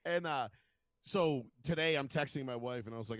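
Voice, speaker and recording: A man's voice: medium pitch, moderate pace, a bit bright, no room sound. A man, telling stories in casual podcast chat and swearing freely. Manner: storytelling, swears freely, acts out quotes. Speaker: podcast co-host.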